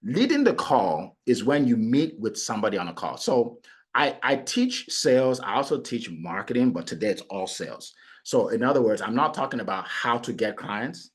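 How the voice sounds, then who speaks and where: A middle-aged man coaching on sales, talking in an animated way and acting out his prospects. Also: medium pitch, normal speed, husky. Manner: animated, acts out clients and prospects in quoted voices. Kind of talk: motivational sales talk.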